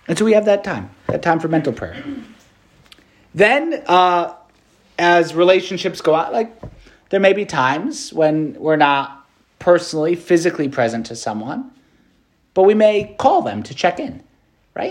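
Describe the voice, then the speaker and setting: This Catholic priest delivers a relaxed, animated meditation in conversational style, peppered with fillers. His male voice sits slightly high and moves at an ordinary pace.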